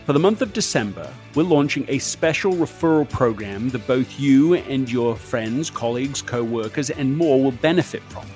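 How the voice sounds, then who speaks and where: A man hosting a podcast interview, calm and measured in his delivery. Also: mid-range voice. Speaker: podcast host.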